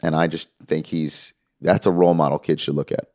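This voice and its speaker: His voice rumbles low and moves fairly quickly, captured at studio quality with no echo. He's a music manager being interviewed, sincerely narrating a story and voicing the people he mentions with vivid energy.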